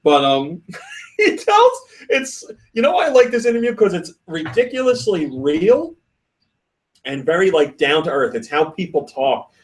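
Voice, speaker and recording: A man with a slightly raised pitch hosts a casual podcast. He talks in a lively, storytelling way and breaks into laughs often. He reads listener comments aloud. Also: a little slow, recorded from a distance. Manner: animated storytelling with frequent laughs. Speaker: podcast host.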